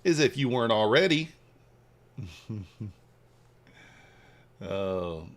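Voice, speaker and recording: A man hosting a trading livestream, casually reading and answering viewer chat while he trades, swinging between hyped shout-outs and quiet muttering. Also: mid-range voice, extremely slow. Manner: hypes viewers, reads chat aloud, shifts from excited shouts to mumbling. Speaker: livestream host, futures trader.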